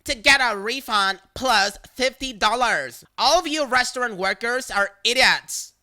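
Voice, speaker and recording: A storyteller voicing an entitled woman caller who shouts demands and threats down the phone. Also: medium pitch, expressive, moderate pace. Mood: indignant demanding.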